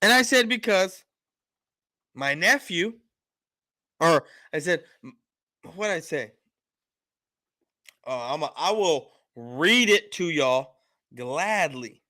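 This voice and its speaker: Animated, blunt man with attitude. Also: a little high, slow, pauses often, no room sound. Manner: blunt, animated storytelling with quoted dialogue; self-described attitude, frank and profane. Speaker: show host. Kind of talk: casual livestream talk.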